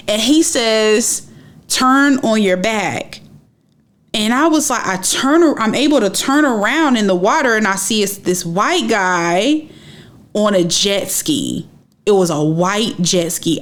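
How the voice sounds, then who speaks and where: Young woman, storytime narrator, animated and emphatic, conversational. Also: mid-range voice. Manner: animated, emphatic retelling with repeated phrases. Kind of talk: personal storytime.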